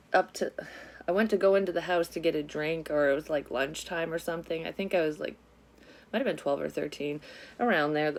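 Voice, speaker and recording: A woman vlogger telling a personal story in a casual, rambling way, swearing often and drifting onto side topics. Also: sits low. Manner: rambling, frequently sidetracked; swears often, frank and confessional. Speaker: psychic medium vlogger.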